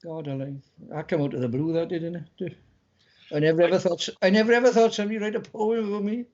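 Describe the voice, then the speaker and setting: Man, high voice, rambling guest chat, dull lo-fi sound. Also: steady tone, fast talker, a little mellow. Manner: rambling, repeats words, stumbling restarts. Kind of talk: casual chat.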